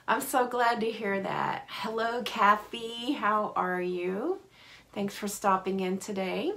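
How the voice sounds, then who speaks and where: Woman doing a live card making stream, talks slow and friendly, says hi to everyone by name. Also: mid-range voice, bright, forceful tone. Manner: chatty, greets viewers by name; cheerful, apologetic asides. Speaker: paper craft host. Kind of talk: live-streamed craft tutorial.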